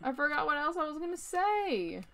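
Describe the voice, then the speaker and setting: A woman's voice: sits high, big pitch swings, a little fast, a loud crowd. A young woman hosting a card-opening vlog, chatting casually in a jokey, self-deprecating way. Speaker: YouTube host opening trading card packs. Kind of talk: casual chat.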